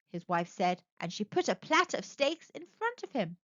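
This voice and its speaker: A woman reading a picture book aloud to children, narrating with expressive, animated storytelling. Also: fairly high pitch, moderate pace, few pauses, dry recording, muffled recording. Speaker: storyteller, channel host.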